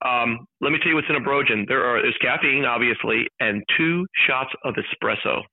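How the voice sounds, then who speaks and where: A man calling in as a sports announcer, telling an excited, jokey story at a rapid clip. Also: medium pitch, vocal fry, dry recording. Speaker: guest, sports play-by-play announcer. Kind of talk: animated storytelling chat. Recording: tinny phone line.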